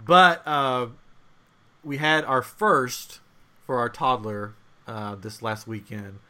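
A young man on a podcast telling a long family story in casual chat, animated and laughing as he acts out voices. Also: medium pitch, slow. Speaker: podcast host.

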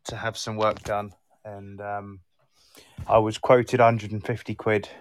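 A man's voice: on the low side, level tone, unhurried. A man telling a story about his car on a casual live chat. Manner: storytelling, exasperated.

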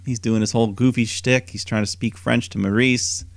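A man's voice: normal speed, creaky, no room sound. A man co-hosting a podcast, recapping a wrestling show in a casual, storytelling way. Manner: animated storytelling, mimics quoted wrestlers in higher voice. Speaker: podcast co-host.

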